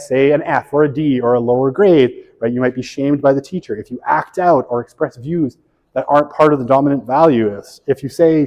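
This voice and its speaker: Lecturing man in an echoey hall. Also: mid-range voice. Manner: conversational, lots of "right?" tag questions; self-correcting, wry asides. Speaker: college sociology instructor. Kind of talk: classroom lecture. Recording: long reverb of a lecture hall.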